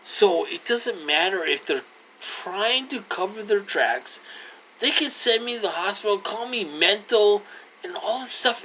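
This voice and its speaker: A man in his forties with a bright, sharp-edged voice talks slowly and deliberately to his viewers. He is earnest and pleading, and he keeps repeating himself as he presses each point, with a faint hum of noise behind him. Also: high-pitched, expressive, rough recording. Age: 40s. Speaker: vlogger. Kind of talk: casual direct-to-camera talk.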